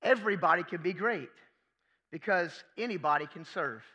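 High, bright-voiced preacher man. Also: expressive, moderate pace. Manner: emphatic, rhetorical questions, repeats key phrases. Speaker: pastor. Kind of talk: sermon.

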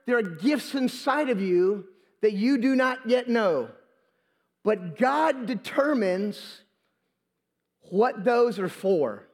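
A pastor preaches a Sunday sermon during a live church service, his voice high, expressive, and slow. He repeats phrases for emphasis and restarts words, picked up by a handheld or stand microphone.

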